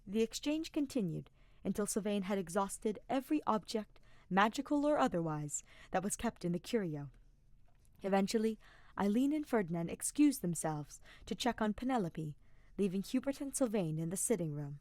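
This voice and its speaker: A woman reading a fan-fiction audiobook aloud in steady, even storytelling. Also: mid-range voice, moderate pace, no room sound. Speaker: podfic reader.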